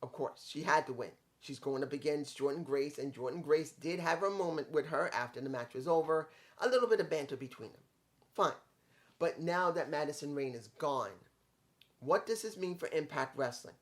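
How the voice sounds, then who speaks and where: Man, fairly high voice, casual wrestling review, rambling, frustrated, trips over names. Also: moderate pace. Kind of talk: casual opinion commentary.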